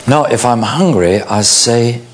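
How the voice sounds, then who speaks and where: A man preaching a sermon, slow and illustrative, acting out little mock quotes to make his point. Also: mid-range voice, a little hiss or hum.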